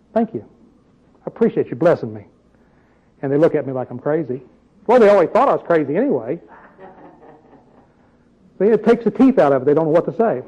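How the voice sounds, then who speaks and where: A man's voice: fairly high pitch, mellow, lo-fi sound. A man preaching a sermon in a conversational, emphatic way, full of rhetorical questions.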